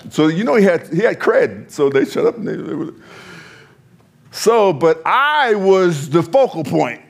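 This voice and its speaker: A pastor telling a story in conversation, animated, often laughing and repeating his words. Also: high-pitched, a little slow, gravelly.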